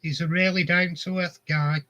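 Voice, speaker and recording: A man's voice: high voice, level tone, measured pace, bright, forceful tone, muffled recording. A man, casually telling rambling anecdotes and chuckling often. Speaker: vlogger. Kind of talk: casual storytelling.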